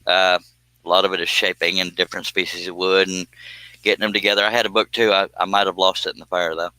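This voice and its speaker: A man's voice: sits low, level tone, fast talker, pushed and bright. A man hosting a woodworking live stream, chatting casually and joking as he reads viewer comments. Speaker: woodworking livestream host.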